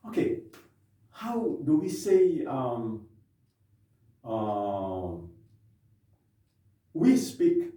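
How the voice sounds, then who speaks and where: A man teaching a language lesson at a whiteboard in a classroom, drilling phrases slowly and often checking "okay?". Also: medium pitch, wildly swooping pitch, mellow. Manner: slow, repetitive drilling with frequent "okay?" checks. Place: classroom with a board. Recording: echoey room, mic far off.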